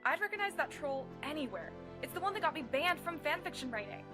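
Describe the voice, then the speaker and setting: Woman doing an indignant high-pitched game girl, music under her. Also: sing-song, fast. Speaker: game character. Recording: game audio with music behind. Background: loud game music.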